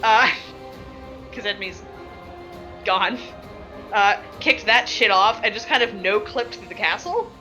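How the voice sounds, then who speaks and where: Bright-voiced woman rambling through a game recap. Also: mid-range voice, slow pace, pauses often, dull audio, soft background music. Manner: rambling, laughing, lots of filler words. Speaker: tabletop game player. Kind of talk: casual recap of a game session.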